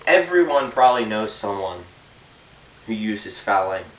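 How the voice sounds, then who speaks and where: A man's voice: fairly low pitch, sing-song, normal speed. A teenage boy giving an earnest, blunt sermon and reading scripture aloud. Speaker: youth preacher. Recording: roomy, dull, hissy, far from the mic.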